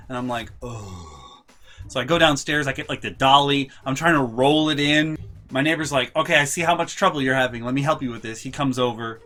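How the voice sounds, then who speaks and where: A young man telling a comic storytime vlog with animated, profane, exasperated delivery. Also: a little high. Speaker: vlogger.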